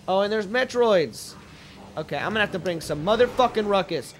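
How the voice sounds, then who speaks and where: A young man casually commentating a video game, joking and swearing, with sudden goofy shouts. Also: sits high, lively intonation, a little fast, a little hiss or hum. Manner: joking, profane, playful bursts of goofy shouting. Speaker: let's play gamer.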